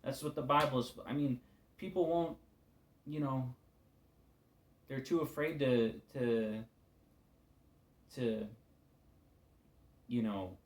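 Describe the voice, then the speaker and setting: A man giving an informal devotional talk as a preacher, casual and candid, weary and subdued, often trailing off into quiet asides. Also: mid-range voice, takes it slowly, pauses often.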